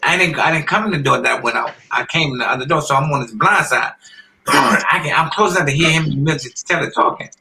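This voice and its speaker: Gravelly, bright-voiced man telling stories. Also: on the high side, a little fast, a little hiss or hum, low-quality recording. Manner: animated storyteller who acts out quoted voices; frequently clears his throat. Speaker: former boxer, podcast guest. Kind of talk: casual storytelling interview.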